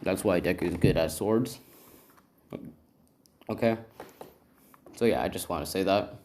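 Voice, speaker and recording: A man's voice: sits low, measured pace, darkish tone, roomy sound, slight background noise. A man casually improvising a fan story, rambling, correcting himself and tagging lines with "right?". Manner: rambling, constant "right?" tags and self-corrections; casual, slangy.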